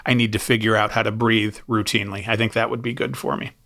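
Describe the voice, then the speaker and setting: A man's voice: fairly low pitch, level tone, quick pace, fairly bright tone. A man hosting a podcast in casual chat, joking and self-mocking. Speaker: podcast host. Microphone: studio microphone.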